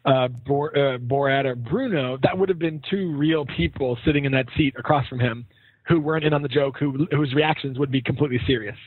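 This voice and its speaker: A young man co-hosting a film podcast, chatting casually, enthusiastic and quick to laugh. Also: medium pitch, no room sound, narrow, tinny audio. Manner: laughs often, animated and enthusiastic. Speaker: podcast co-host. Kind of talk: casual film review chat.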